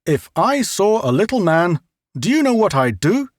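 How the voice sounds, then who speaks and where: A man's voice: high-pitched, sing-song, moderate pace, no room sound, pitched above the performer's own voice. A stern, middle-aged scientist father scolds with biting sarcasm, as a male reader plays him. The voice stays close to the reader's own, slightly above the usual for a man. The recording is dry and close. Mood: scolding.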